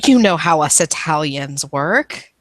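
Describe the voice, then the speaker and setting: A woman's voice: low-pitched, lively intonation, a little slow, dry recording. A woman voicing a devout young Italian woman who speaks in a sweetly formal, proper way to her brother in a tabletop game. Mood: prim.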